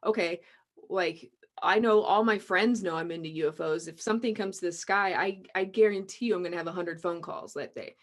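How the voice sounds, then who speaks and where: A woman's voice: lowish voice, a little fast. Podcast host, woman, casual, chatty, filler-heavy. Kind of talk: casual chat.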